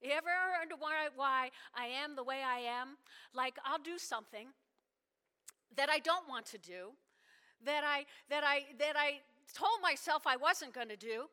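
Lady pastor preaching, lively storytelling, bright tone, echo of a big hall. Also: high-pitched, normal speed. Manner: animated storytelling with asides to the congregation. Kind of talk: sermon. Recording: hall reverb.

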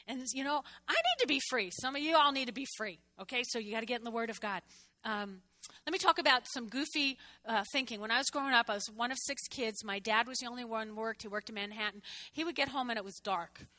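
A woman pastor in her sixties preaching a chatty, animated sermon with asides to the congregation. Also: on the high side, quick pace.

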